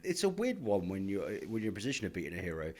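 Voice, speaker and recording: A man's voice: deep voice, huge pitch swings, very fast, a little mellow. A man interviewing a darts player at a stadium media day, chatty and jokey, calling him mate. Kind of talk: casual sports interview.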